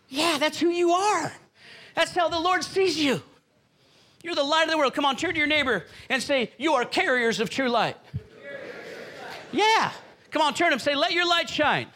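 A man's voice: very high voice, sharp tone. A middle-aged man preaching a sermon as pastor, fervent and rhythmic, repeating phrases and calling out to the congregation.

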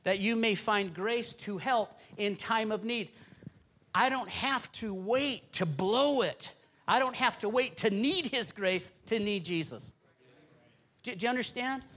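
A man's voice: sits high, measured pace, bright, forceful tone. A middle-aged man preaching as a pastor in a church, moving from conversational teaching into earnest, fervent prayer. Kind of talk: sermon and congregational prayer. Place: church sanctuary.

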